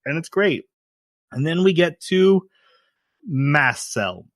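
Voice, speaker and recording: A man's voice: a little high, sing-song, takes it slowly, no room sound. Man, podcast host, casual chat, laughs a lot, dry close sound. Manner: rambling, laughs often, acts out quotes.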